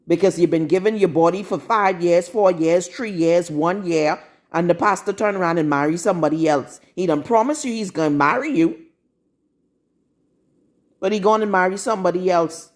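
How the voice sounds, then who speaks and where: A woman's voice: lowish voice, normal speed, a little mellow. A woman preaching a live-streamed sermon in a blunt, scolding, confrontational manner. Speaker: prophetess.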